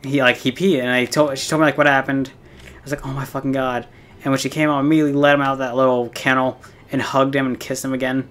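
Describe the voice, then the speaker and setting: A man's voice: medium pitch, little pitch movement, quick pace, a bit bright. Rambling young man telling a story. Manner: rambling, heavy on fillers and swearing. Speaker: gaming streamer. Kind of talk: casual storytelling while playing a game.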